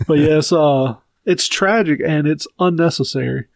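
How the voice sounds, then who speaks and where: A man's voice: a little high, moderate pace, creaky, dry recording. A man with a Southern US accent co-hosting a podcast, giving blunt, profane opinions in casual chat. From Southern United States. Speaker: podcast co-host.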